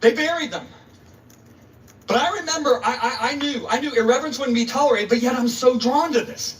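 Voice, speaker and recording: A man's voice: very high voice, a little fast. A male preacher telling a story in a sermon, dramatic and emphatic, acting out the voices, recorded on a distant mic. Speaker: preacher, guest speaker.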